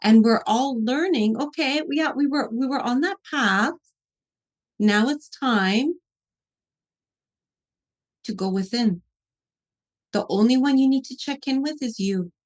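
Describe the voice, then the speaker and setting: A woman podcast host reflecting aloud in conversation, warmly affirming her guest. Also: sits high, unhurried, long pauses.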